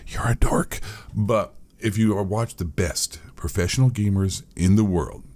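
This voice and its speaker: A man's voice: on the low side, moderate pace, warm tone. A man giving a profane, mocking, rambling rant as a gaming commentator. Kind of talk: ranting commentary.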